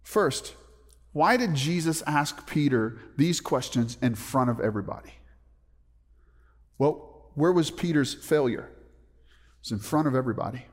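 A man's voice: on the high side, animated, a little slow, pauses often. A man preaching a sermon as a pastor, emphatic, often putting questions to the congregation. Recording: long reverb of a large hall.

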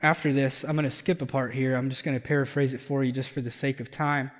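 A man's voice: medium pitch, level tone, fast, long reverb tail. A man preaching a conversational sermon as pastor, building up intensity on his emphatic points. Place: church sanctuary.

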